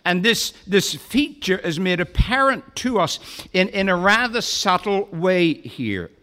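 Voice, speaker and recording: A man preaching an expository sermon, deliberate and emphatic, slowing down to stress key phrases. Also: sits high, sing-song, pushed and bright.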